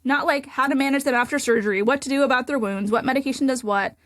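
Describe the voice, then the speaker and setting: A woman podcast host who is an ICU nurse, with a high, bright-pitched voice, tells a story in a chatty, animated way, dropping "like" every few words. The sound is close and dry, with no room echo. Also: quick pace. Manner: animated, chatty, many "like" fillers. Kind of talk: casual storytelling in a podcast chat.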